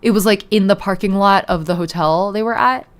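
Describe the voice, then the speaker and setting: A woman's voice: medium pitch, fairly quick. A young woman streamer chatting casually with her viewers, giggling often and reading chat aloud.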